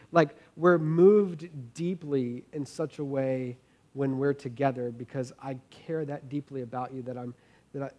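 A man's voice: medium pitch, a little mellow. A man in his thirties giving a conversational sermon as a pastor, earnest and informal, often repeating words as he thinks aloud.

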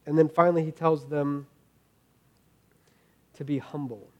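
A man's voice: on the high side, fairly even intonation, measured pace, muffled recording. Earnest man preaching a casual sermon. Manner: earnest, informal, repeats words as he goes. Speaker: pastor. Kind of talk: conversational sermon.

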